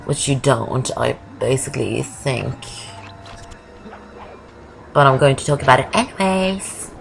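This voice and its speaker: A woman's voice: a bass voice, lively intonation, unhurried, creaky, low-quality recording. A woman giving casual, rambling commentary over a video game walkthrough, often wandering off topic. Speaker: gameplay commentator. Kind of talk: casual Let's Play commentary. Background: game music.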